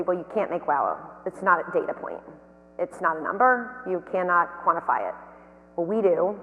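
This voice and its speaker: A woman giving a motivational keynote talk, telling anecdotes in a lively, storytelling way. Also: on the low side. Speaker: keynote speaker and company founder. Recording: long hall reverb.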